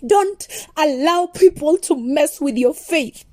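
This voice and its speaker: A woman's voice: high voice, expressive, slow, dark tone, no echo. A woman explaining her gospel song as impassioned devotional teaching, earnest and repetitive with preacher-like emphasis.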